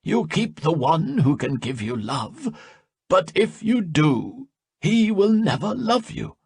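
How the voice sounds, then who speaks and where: A man voicing a stern, withered old wise man in an audiobook, speaking slowly and solemnly. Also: sits high, big pitch swings, husky, no echo, studio quality, voice pushed up, full character voice. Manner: slow, solemn and deliberate.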